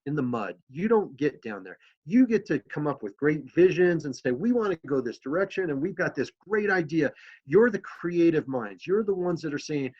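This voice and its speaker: A man who works as a city manager, giving a relaxed, conversational presentation to council members, with fillers as he tells stories. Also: on the high side, breathy edge, lo-fi sound.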